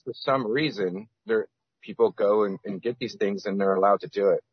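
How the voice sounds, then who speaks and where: A man's voice: fairly low pitch, normal speed, husky, no echo. A man as a podcast guest, rambling with many restarts and fillers. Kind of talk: casual podcast interview. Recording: dull lo-fi sound.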